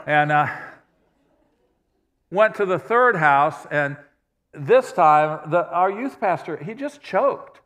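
A man preaching from the pulpit with a somewhat raised pitch, moving easily between scripture and conversational, self-deprecating stories. His voice rings out with the long reverb of a large church sanctuary. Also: expressive, slow pace, long pauses, fairly bright tone. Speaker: pastor. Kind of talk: sermon.

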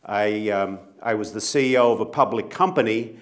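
A man's voice: fairly low pitch, normal speed. Australian man giving a speech. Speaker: company CEO speaker. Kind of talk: speech to an audience.

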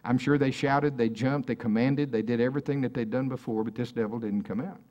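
A man preaching to a congregation in a loose, conversational way. He talks at a mid-range pitch and keeps turning to the room with questions. It is recorded at a live church service. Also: steady tone, a little fast, a little mellow, highs cut off. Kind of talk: sermon.

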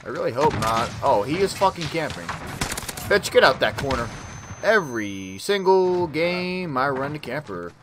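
Man gaming youtuber, lively swinging pitch, slang-heavy trash talk, loud gunfire behind. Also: moderate pace, noisy background. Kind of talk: casual gameplay commentary. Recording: game gunfire loud in background.

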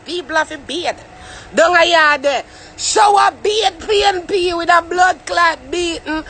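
Loud, swearing Jamaican man ranting. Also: extremely high pitch, a little hiss or hum. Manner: loud, swearing, animated rant with frequent asides to the listener. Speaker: vlogger. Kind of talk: ranting year-in-review vlog in patois.

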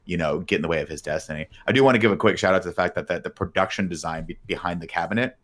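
Deep-voiced man talking fast. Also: a bit bright. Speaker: podcast co-host. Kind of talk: casual chat about a film.

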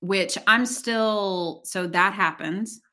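A woman guest on a podcast, speaking thoughtfully with hesitant pauses and fillers. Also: mid-range voice, pushed and bright. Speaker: podcast guest, energy healer. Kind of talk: casual conversational interview.

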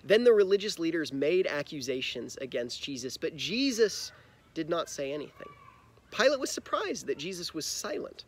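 A man with a somewhat high voice leads a children's church lesson. He retells a Bible story in plain words and stops to ask the kids questions. His manner is friendly and patient. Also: very animated, moderate pace. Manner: friendly, explains simply and asks kids questions.

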